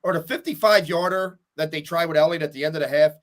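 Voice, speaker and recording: A man's voice: a little high, fast. A man co-hosting a casual sports podcast, reflective and questioning as he talks through the game. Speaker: podcast co-host.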